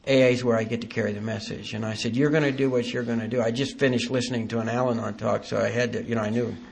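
Gravelly man telling his story. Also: medium pitch, fairly even intonation, slight background noise. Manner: halting, earnest, dry self-deprecating humor. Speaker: recovery meeting speaker. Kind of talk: personal testimony talk.

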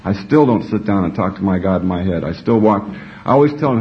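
A man's voice: sits low, animated, fairly quick, crowd noise. A man telling his recovery story to a group, salty and profane, laughing often as he talks. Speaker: speaker sharing at a recovery meeting. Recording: dull lo-fi recording, faint noise.

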